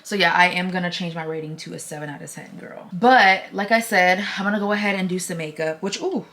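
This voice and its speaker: A woman's voice: on the low side, a little fast, fairly bright tone. Tired, chatty young woman vlogging. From United States. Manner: chatty, fillers like "like" and "y'all". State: tired, close to tears. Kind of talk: casual chat to camera.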